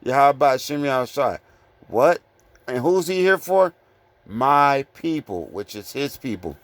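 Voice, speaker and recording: A man preaching informally from scripture, confronting listeners with blunt rhetorical questions and reading verses slowly. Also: mid-range voice, very animated, fairly bright tone, no echo. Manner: repeated rhetorical questions, "guess what?"; reads verses slowly and deliberately.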